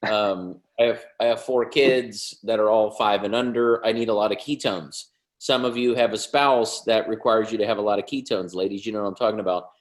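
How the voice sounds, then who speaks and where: A man in his thirties hosting a video call, giving an upbeat, joking sales pitch. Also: steady tone, brisk, roomy sound.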